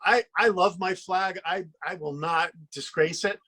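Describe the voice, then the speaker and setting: A man's voice: high-pitched, fairly even intonation, measured pace, sharp tone. A middle-aged man guest on a talk panel, telling earnest anecdotes and opinions.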